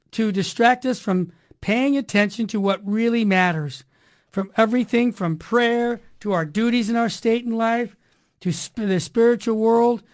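A woman hosting a Catholic radio talk show, delivering an energetic, preachy monologue full of upbeat catchphrases. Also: fairly high pitch.

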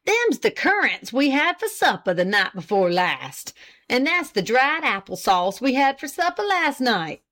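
A woman's voice: high-pitched, very animated, measured pace, fairly bright tone, voice pushed up, exaggerated voice. A woman doing a pompous old country husband. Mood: boastful. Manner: boastful, indignant, rustic dialect. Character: pompous self-important older country husband.

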